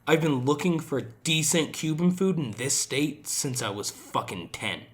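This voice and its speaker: A man's voice: fairly high pitch, normal speed. A young adult man co-hosting a podcast in casual chat, talking emphatically and swearing freely. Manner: profane, emphatic, animated storyteller. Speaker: podcast co-host.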